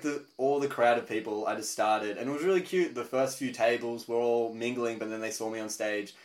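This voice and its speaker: Rambling young comedian. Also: male voice, medium pitch. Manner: rambling, animated storytelling with laughs and voiced asides. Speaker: guest comedian. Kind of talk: casual interview chat.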